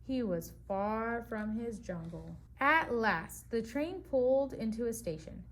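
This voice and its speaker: A woman reading a picture book aloud to preschoolers at a slow, easy pace. Her voice sits fairly high, and she stops now and then to put questions to the children. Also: expressive. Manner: pauses to ask children questions. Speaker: preschool teacher.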